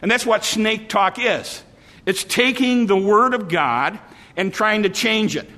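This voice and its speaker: A man preaching an evening sermon as pastor, with a repetitive cadence and drawn-out, emphatic phrases. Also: sits high, pushed and bright, big-room sound.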